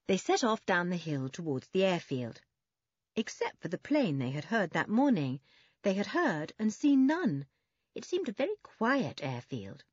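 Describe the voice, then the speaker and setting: A woman narrating a children's adventure story in an expressive, animated reading. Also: lowish voice, unhurried, no echo, highs cut off. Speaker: audiobook narrator.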